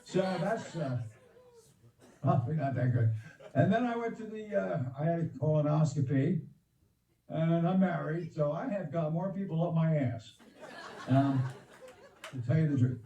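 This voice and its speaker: A man's voice: a little high, unhurried, pauses often, dark tone, echoey room, far from the mic, poor audio. An older man doing stand-up over a video call, rambling and chuckling at his own jokes. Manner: rambling, laughs at his own jokes, acts out voices in a joke. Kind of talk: stand-up joke telling.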